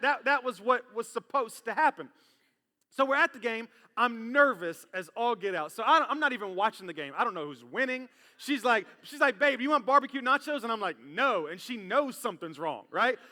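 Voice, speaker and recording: A man preaching from a church stage in a high, bright voice. He is animated and acts out the voices of the people in his story. His words ring with a long reverb through the hall. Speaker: pastor. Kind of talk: sermon with personal storytelling. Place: church sanctuary.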